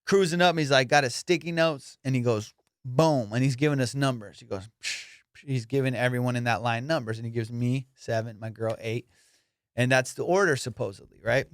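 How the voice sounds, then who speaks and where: A young man, a comedian hosting his podcast, telling a profane, animated story. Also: medium pitch, a little fast, no echo, clean studio sound. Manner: profane, animated, acts out voices. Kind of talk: casual storytelling.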